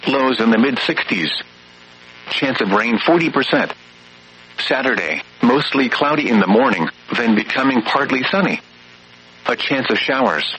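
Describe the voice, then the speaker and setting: A man's voice: mid-range voice, animated, moderate pace, pushed and bright, husky, rough recording. A synthetic male voice giving an automated weather radio readout, listing readings and forecasts in clipped, evenly paced phrases.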